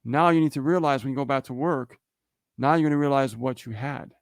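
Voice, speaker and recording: A man co-hosts a livestream, his medium-pitched voice moving a little fast as he tells a story in a casual, motivational way, often checking in with "okay?" and "right?". The sound is clean studio quality with no room sound.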